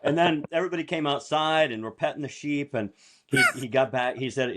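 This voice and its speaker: A man's voice: on the high side, a little fast, heavy background noise. A man in casual podcast chat, telling rambling business anecdotes and chuckling as he goes. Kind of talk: casual storytelling.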